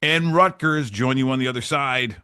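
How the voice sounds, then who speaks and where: Man hosting his own betting picks show, easygoing and jokey, mid-pitched voice. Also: moderate pace, sharp tone, clean tone, dry recording, studio quality. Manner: chatty and joking, with loose asides. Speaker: sports betting show host. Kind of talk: casual sports picks talk.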